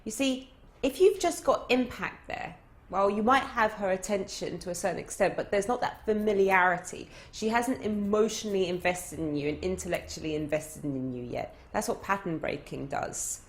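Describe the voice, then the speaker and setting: A woman coaching her audience through a lively story, talking in an animated, conversational way. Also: mid-range voice, moderate pace, breathy edge. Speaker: dating coach. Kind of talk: storytelling lesson.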